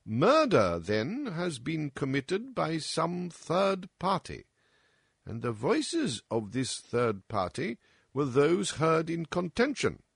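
A man reading as a calm reasoning detective. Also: a little high, gravelly, husky, dry recording, clean studio sound, voice pushed up, heavily acted. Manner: measured, reasoning, lecturing. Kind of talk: audiobook character reading.

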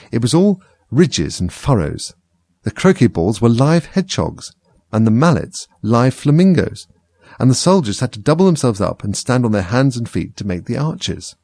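A man narrating a storybook in an expressive, lively reading. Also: lowish voice, normal speed, dry recording.

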